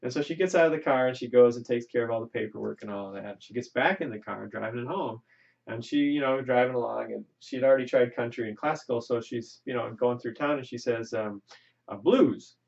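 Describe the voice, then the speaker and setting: A man's voice: medium pitch, brisk, gravelly, darkish tone. A man teaching an economics class in a chatty, folksy way, often checking in with "right?", recorded in a classroom on a lo-fi recording. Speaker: economics lecturer. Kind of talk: classroom lecture. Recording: lo-fi lecture recording.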